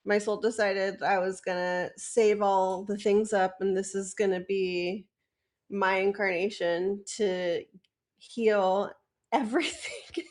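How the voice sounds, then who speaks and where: A woman's voice: medium pitch, fairly even intonation, slow. A woman in a spiritual community, talking in a gushing, heartfelt and giggly way on a video call. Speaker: community member. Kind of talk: casual group video chat.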